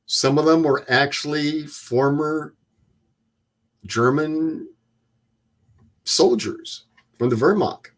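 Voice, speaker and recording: A man in his seventies, a guest, telling stories in a plain-spoken, measured way. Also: on the high side, fairly even intonation. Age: 70s. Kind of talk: storytelling interview.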